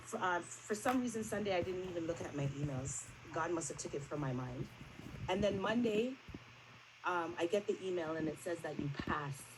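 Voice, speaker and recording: During a church service, a woman in her forties recounts her testimony to the congregation, performing each conversation as she goes. Her low-ish voice has lively intonation and an even, moderate pace, set against noisy surroundings.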